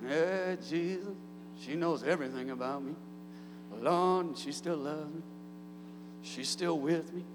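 A man in his thirties preaching a sermon in a church, calling out to the congregation and building up to shouts. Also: fairly high pitch, measured pace, pauses often, in a large hall, over music. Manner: call-and-response preaching, rising to shouts. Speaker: pastor. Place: church sanctuary.

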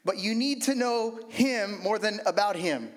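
Man preaching, animated, joking asides, somewhat high voice, long hall reverb. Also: unhurried. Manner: animated, humorous asides, mimics prayers. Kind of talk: sermon.

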